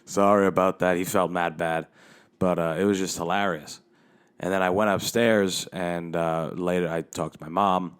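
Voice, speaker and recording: Male comic hosting his own podcast: very low voice, loose and rambling, swears freely, talking into a handheld mic. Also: steady tone, normal speed, clear, resonant tone. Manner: rambling and profane, with frequent restarts. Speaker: comedian and podcast host. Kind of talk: casual comedic storytelling. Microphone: handheld microphone.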